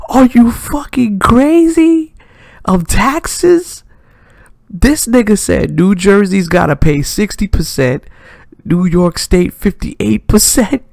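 A man hosting a casual reaction stream, excitable and profane, laughing often between comments. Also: high-pitched, creaky, no echo, studio quality. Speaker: reaction channel host.

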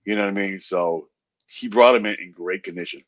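A man chatting as a guest on a livestream, animated and excitable. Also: deep voice, fairly quick, no room sound, lo-fi sound. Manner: animated, excitable, swears casually. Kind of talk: casual livestream chat.

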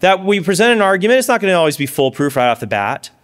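A man giving a lively lecture at a conference, with quick asides and self-corrections. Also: sits high, slight background noise. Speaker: speaker giving a conference talk. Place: conference stage before an audience.

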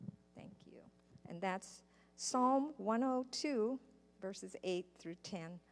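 A woman's voice: mid-range voice, animated, takes it slowly. A woman telling a story to children in church, speaking patiently and asking her listeners questions. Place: church sanctuary. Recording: church live stream with long hall reverb.

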